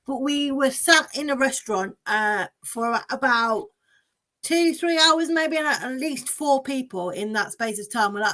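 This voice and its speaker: A woman guest in a casual chat, expressive and incredulous as she retells encounters. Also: sits high, unhurried. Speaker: guest, podcast co-host.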